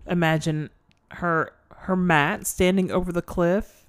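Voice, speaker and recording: Lady podcaster chatting about a movie, lively, does little voices for the characters. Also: lowish voice, measured pace, smooth. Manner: animated, acts out quotes, laughs often. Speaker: podcast co-host. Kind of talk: casual chat recapping a movie.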